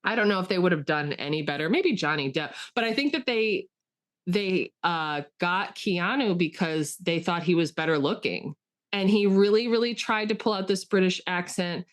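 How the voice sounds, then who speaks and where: A woman co-hosting a podcast talks enthusiastically about a film in casual chat, full of fillers and restarts. Her voice is on the low side, with lively intonation and a normal speed.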